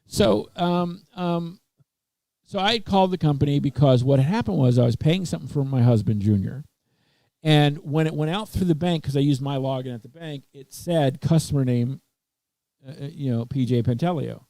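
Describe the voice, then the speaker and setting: Male podcast host, mellow slightly raised voice, talks in halting, restart-filled anecdotes, dry mic. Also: a little high, no room sound. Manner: rambling storyteller with many fillers and restarts. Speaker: webcast host. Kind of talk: casual chat. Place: Texas.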